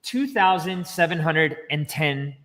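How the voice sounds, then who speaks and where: A man explaining banking step by step in casual livestream chat, chatty and quick to laugh. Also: on the high side, lively intonation, fairly bright tone, in a large hall. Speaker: finance educator guest.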